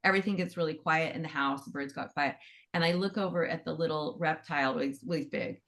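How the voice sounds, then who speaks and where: A woman teaching animal Reiki in a gentle, conversational way, wandering into asides as she talks. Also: deep voice, fast talker. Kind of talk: casual teaching talk.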